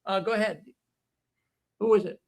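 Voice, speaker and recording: A man's voice: high voice, fairly even intonation, moderate pace, a little mellow, no room sound. An older man hosting a casual livestream, making folksy, rambling announcements. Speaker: host.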